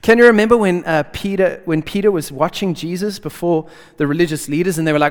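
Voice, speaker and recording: A man preaching a lively sermon in casual slang, swinging between loud bursts and hushed asides. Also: high voice, quick pace. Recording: long hall reverb.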